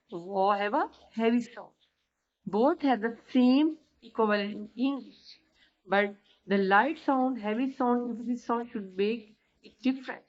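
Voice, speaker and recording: A woman teaching the letters of an alphabet, explaining slowly and repeating sounds to demonstrate them. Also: on the high side. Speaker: Arabic teacher. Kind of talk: slow explanatory lesson. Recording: dull lo-fi recording.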